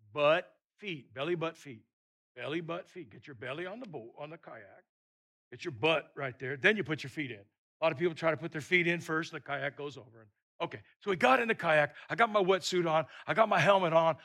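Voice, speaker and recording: A man preaching a sermon, telling a personal story in a lively way and often repeating words. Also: fairly high pitch.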